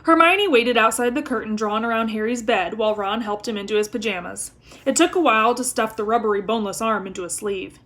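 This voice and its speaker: Female reader narrating a novel; expressive, slightly high pitch. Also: brisk. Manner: expressive storytelling. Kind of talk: reading a novel aloud.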